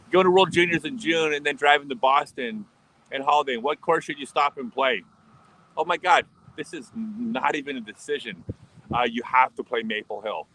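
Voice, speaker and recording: A man hosting a casual livestream, telling a driving story and answering chat questions with laughter and quick asides. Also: medium pitch, pushed and bright, poor audio. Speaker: livestream host. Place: home in Australia, livestream.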